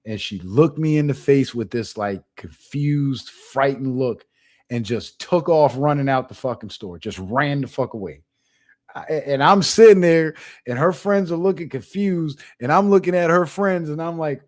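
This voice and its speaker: A young adult man hosting his channel, telling a funny story in a casual monologue, animated and profane, with laughs. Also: medium pitch, a little slow. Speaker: channel host.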